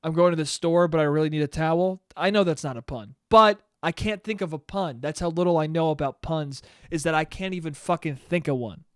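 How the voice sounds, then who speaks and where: A man's voice: a little high, a little fast, hardly any pauses, smooth, dry recording, studio quality. A young man hosting a solo podcast, rambling casually and profanely with self-mocking asides. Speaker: podcast host.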